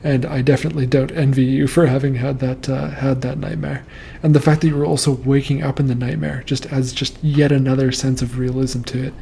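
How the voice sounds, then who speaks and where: A man talks through listeners' nightmares in a calm, reassuring host's commentary. His voice has a gravelly fry and a dark, mellow tone. His delivery stays steady and flat rather than lively. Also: medium pitch, slight background noise. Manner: calm, measured, reassuring explanations. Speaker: host reading and interpreting nightmares. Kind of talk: casual commentary on listener dream posts.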